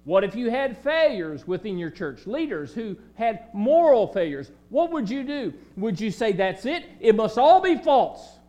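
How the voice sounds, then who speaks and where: A pastor with a Southern accent preaching a sermon in a church, swinging between loud emphasis and quiet, low passages. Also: male voice, sing-song, measured pace, hardly any pauses. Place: church sanctuary.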